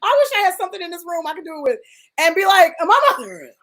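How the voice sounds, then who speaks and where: High-voiced woman telling a story animatedly. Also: racing, low-quality recording. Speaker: panelist sharing a personal story. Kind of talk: casual chat.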